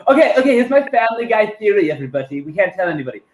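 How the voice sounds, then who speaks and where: Guy doing a smug scheming cartoon baby boy, echoey room, bouncy pitch. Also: big pitch swings, very fast. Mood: conspiratorial.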